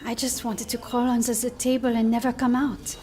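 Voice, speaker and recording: An actress playing an earnest, gentle young woman. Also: fairly high pitch, level tone, fairly quick, lightly acted. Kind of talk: game cinematic voice acting.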